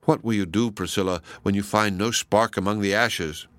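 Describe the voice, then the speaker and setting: Man voicing a proud scornful queenly woman, audiobook, low voice, dry sound. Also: steady tone, moderate pace, fairly bright tone, no echo, close to an everyday voice. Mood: proud, bitter.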